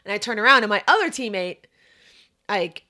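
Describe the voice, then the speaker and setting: Young woman podcast host ranting through a story, swears a lot, mid pitch. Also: fairly quick. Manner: animated, profane storytelling. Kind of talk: casual chat, telling a story.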